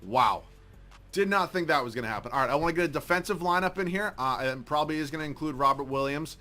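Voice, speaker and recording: Male gaming creator, rapid live play-by-play, sharp, bright tone, excitable, swears and shouts at the game. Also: a little high, soft background music. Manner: excitable, swings from mumbling to yelling at the game; swears often and jokes about his own skill. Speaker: gaming YouTuber. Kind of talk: live gameplay commentary.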